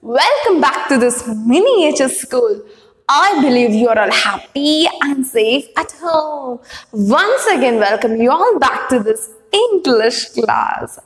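A woman teaching an online English class to young children, speaking slowly and enunciating each word clearly to model pronunciation. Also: sits high, very animated. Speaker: primary school English teacher. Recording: echoey room with long reverb.

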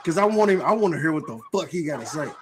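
A man hosting a live stream, teasing a guest with loud, profane banter. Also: on the high side, animated, fast talker, a crowd in the background. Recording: noisy stream audio.

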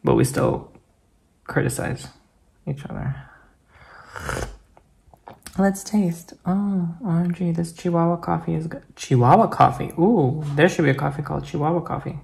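A man's voice: on the high side, big pitch swings, normal speed, gravelly, long pauses, darkish tone, a little hiss or hum. A man chatting casually in a home vlog, playful and theatrical while making coffee at home. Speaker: vlogger.

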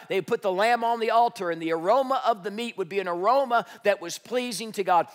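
A man preaching a sermon as pastor, asking the congregation rhetorical questions and swinging from loud declarations to hushed, slowed phrases for emphasis. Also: high voice. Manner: dramatic shifts from loud to hushed, slows for emphasis. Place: church stage.

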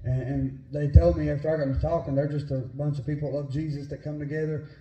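A man with a West Virginia Appalachian accent preaching a sermon, folksy and fervent, at times rising to shouts. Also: fairly high pitch, level tone, fast. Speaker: pastor. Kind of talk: sermon with personal storytelling. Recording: echoey church room.

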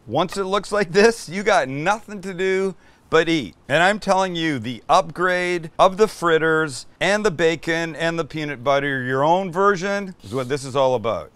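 A man's voice: fairly high pitch, lively intonation, normal speed, a bit bright, no room sound. A middle-aged man hosting a cooking show in casual, enthusiastic chat, full of exclamations as he cooks.

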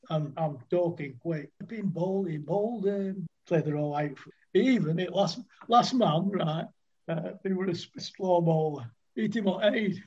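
Laughing frequently, an older former cricketer rambles through cricket-club stories as a guest in a casual chat. His voice sits high and sounds mellow and husky, heard through dull audio.

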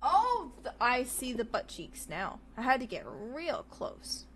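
Bubbly high-voiced woman streamer. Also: big pitch swings, unhurried, a bit bright, slight background noise. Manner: playful, giggly, cutesy baby talk. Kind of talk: casual livestream chat. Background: faint background music.

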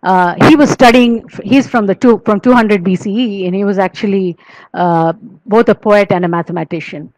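A woman gives an academic lecture at a mid pitch, with a dry, close sound. She explains step by step, using many fillers and restarts, and counts out syllables and chants Sanskrit verse in a steady rhythm. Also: moderate pace, dry recording, poor audio. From India.

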